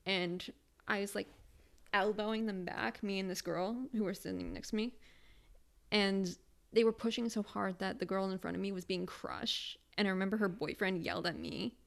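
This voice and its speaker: A woman's voice: mid-range voice, steady tone, moderate pace, creaky. A young woman in her twenties, co-hosting a podcast and telling a story in casual, profane chat. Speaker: podcast co-host.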